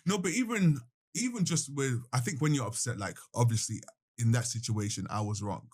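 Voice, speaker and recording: A man's voice: medium pitch, fairly quick, a little mellow, slightly rough. A man with a South London accent co-hosting a podcast, teasing and playful in casual chat. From Brixton, London. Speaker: podcast co-host.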